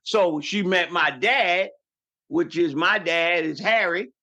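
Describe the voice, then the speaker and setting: On a podcast, a fifties-aged New Yorker casually chats about his family, his storytelling wandering and full of restarts. He speaks slowly in a high, sharp-toned voice.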